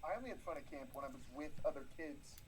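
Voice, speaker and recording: Deadpan man with lively pitch. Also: fast talker, a little hiss or hum, poor audio. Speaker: podcast co-host. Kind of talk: crude comedic banter.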